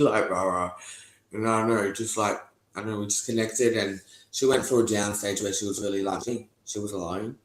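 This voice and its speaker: Young guy, low-pitched, loose and profane, recorded in a roomy echo. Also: moderate pace. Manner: rambling, heavy swearing, frequent laughs. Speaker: interviewee giving testimony. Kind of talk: candid casual talk. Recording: echoey room.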